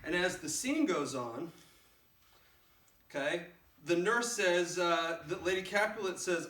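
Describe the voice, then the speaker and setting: A man teaching a play in a casual, animated way, recorded in a roomy space with the mic far off. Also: high voice, takes it slowly, long pauses. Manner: casual and animated, acts out lines. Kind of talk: explaining a play scene.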